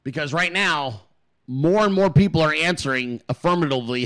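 A man hosting a political show, ranting in heated, profane commentary and repeating words for emphasis. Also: normal speed. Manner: swings in pitch and loudness.

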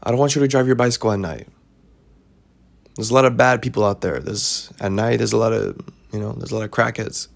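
A man's voice: fairly low pitch, fairly even intonation, brisk, vocal fry. A man voicing a stern, worried mother scolding her child, firm and scolding.

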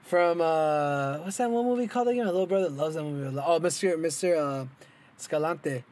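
A man's voice: a little high, fairly quick, darkish tone. Rambling young man, casual podcast chat. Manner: rambling, lots of "like" fillers, joking. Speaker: podcast co-host. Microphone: headphones and mic.

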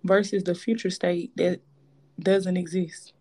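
A woman with co-hosting a casual chat, animated and slangy, laughing often. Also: fairly low pitch, measured pace.

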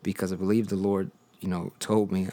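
A man's voice: sits low, level tone, fairly quick, warm tone. A young man hosting a podcast, telling his personal testimony in a loose, conversational way with lots of fillers. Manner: conversational storytelling with many fillers. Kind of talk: casual spoken testimony.

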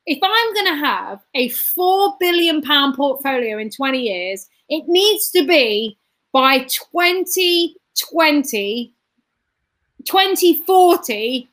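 A woman's voice: high-pitched, a bit bright. A woman, a guest giving a motivational talk, repeating phrases emphatically and punching points with sound effects.

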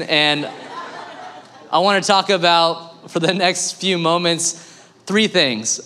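A man preaching a sermon as pastor, telling a joke with lively voices and then speaking earnestly to the congregation with coaxing questions. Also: sits high. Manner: storytelling, animated voices for jokes.

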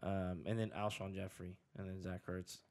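A man's voice: sits low, flat delivery, normal speed, a little mellow. A man co-hosting a casual fantasy football chat, hesitant and thinking aloud while he looks up numbers. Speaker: podcast co-host.

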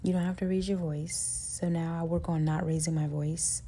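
A woman's voice: level tone, moderate pace, breathy edge. A woman hosting a self-help podcast, talking earnestly and casually with lots of fillers. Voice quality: says her voice is high-pitched and gets loud with passion. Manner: earnest, conversational, lots of fillers like "like" and "you know". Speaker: podcast host.

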